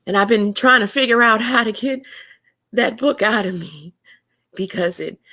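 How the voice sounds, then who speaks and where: A woman's voice: on the high side, moderate pace, sharp tone. A woman hosting a podcast interview, speaking with heartfelt, faith-filled encouragement. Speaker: podcast host.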